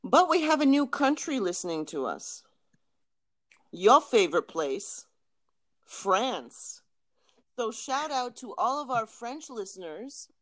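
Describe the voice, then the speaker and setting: A Canadian woman co-hosting a casual podcast, chatty and quick to laugh. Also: a little high, sing-song, a bit bright, dry recording. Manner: giggly, laughs often. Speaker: podcast co-host.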